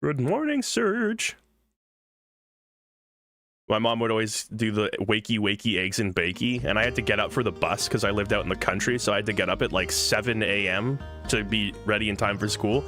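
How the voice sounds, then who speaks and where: A man with a fairly low voice chats in a loose, rambling way while he plays a game live. He often breaks off and restarts his sentences, and game music plays underneath. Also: steady tone, fast talker, hardly any pauses, sharp tone. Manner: rambling, chatty, self-interrupting. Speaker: game streamer. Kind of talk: casual live-stream commentary.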